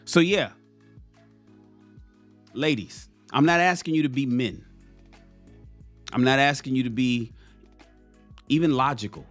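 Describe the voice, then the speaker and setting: A man's voice: medium pitch, unhurried, long pauses, faint music behind. A man ranting bluntly and profanely on a casual live stream, preaching to his viewers.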